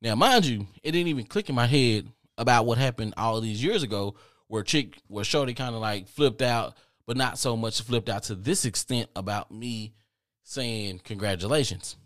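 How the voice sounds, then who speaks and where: A man hosting a podcast who tells a comedic personal story in an animated, exasperated way, swearing freely. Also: mid-range voice, normal speed, no room sound, clean studio sound. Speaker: podcast host.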